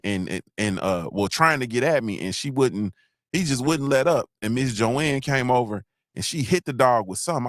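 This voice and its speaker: A man hosting a casual podcast chat, rambling loosely through stories and shout-outs and often checking in with "you understand what I'm saying.". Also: mid-range voice, dry recording, studio quality. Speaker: podcast host.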